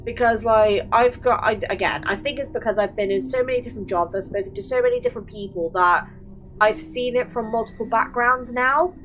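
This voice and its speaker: A woman's voice: a little high, brisk, fairly bright tone, a little hiss or hum, low-quality recording. A young woman hosting a casual chat, rambling with many fillers and restarts. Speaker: channel host.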